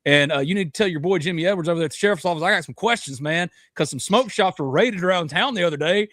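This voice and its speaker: A man hosting a sports podcast, chatting in an animated, joking way. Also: sits high, fast talker, no room sound, clean studio sound. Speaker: podcast host. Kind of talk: casual podcast chat.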